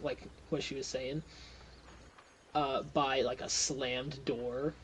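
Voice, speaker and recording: A man's voice: medium pitch, slight background noise, poor audio. A young man acting as game master, narrating a tabletop game in a loose, rambling way with many fillers. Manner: rambling, filler-heavy, often laughing.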